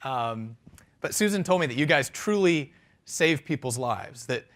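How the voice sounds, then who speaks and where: A man's voice: mid-range voice, expressive, measured pace, fairly bright tone. A man giving a friendly, conversational keynote talk at a conference, with many fillers and restarts, speaking on a microphone in a conference hall. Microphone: handheld or stand microphone.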